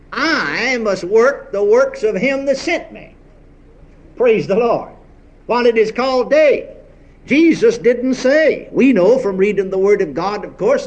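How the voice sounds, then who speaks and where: A man's voice: high-pitched, darkish tone. A man preaching a sermon, exhorting his congregation with rhetorical questions and calls of praise.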